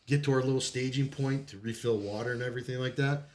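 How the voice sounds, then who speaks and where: A Marine veteran appears as a podcast guest, telling military stories casually in a mid-range, slightly mellow voice with fairly even intonation and a quick pace. He swears freely and laughs often between lines. A little hiss or hum is audible.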